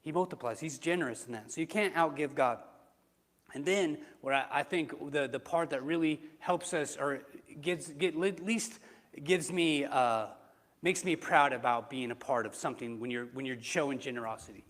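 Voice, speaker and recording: Pastor, male, slightly high voice; casual sermon delivery with rhetorical questions, reverberant sanctuary. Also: normal speed, a bit bright. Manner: conversational preaching with rhetorical questions. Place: church sanctuary. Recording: reverberant church hall.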